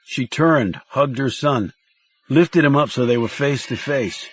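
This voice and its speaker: A man reading a thriller audiobook in a measured, dramatic narration style. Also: mid-range voice, slightly rough, no echo.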